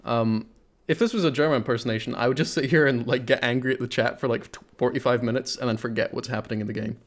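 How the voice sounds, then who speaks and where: A man's voice: medium pitch, fairly even intonation, quick pace. A man streaming a horror game live, cracking jokes, swearing and hamming up his reactions. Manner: jokey, swears, loud over-the-top reactions. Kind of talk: live gameplay commentary.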